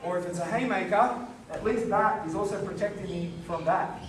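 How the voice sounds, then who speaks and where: A man's voice: high-pitched, normal speed, crowd noise. A man teaching a karate seminar, demonstrating moves and checking in with the group. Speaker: karate instructor. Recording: echoey hall, recorded from far off.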